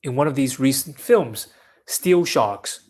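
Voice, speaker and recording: A man reads a serious nonfiction text aloud at a measured pace. His voice sits at an everyday middle pitch. He leans on key phrases and sometimes stumbles and restarts a word. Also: animated, darkish tone. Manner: measured, deliberate reading with small restarts. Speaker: reader of a book. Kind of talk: reading a nonfiction book aloud.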